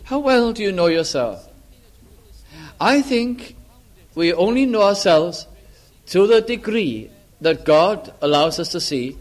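An older man preaching an earnest sermon, asking his listeners searching questions and dropping to a hush on key lines. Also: a little high.

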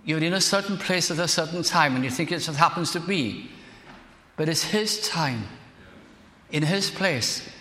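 An older man with a Welsh accent, preaching a sermon and telling a personal story, earnest and slowing down to stress key words. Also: fairly high pitch, lively intonation, pushed and bright. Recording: echoey church hall.

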